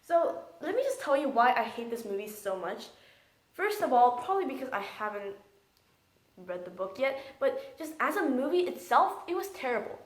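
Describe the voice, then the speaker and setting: A woman's voice: high-pitched, very animated, normal speed, echoey room, rough recording. Blunt, sarcastic young woman reviewing films. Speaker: movie reviewer. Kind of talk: casual spoken movie review.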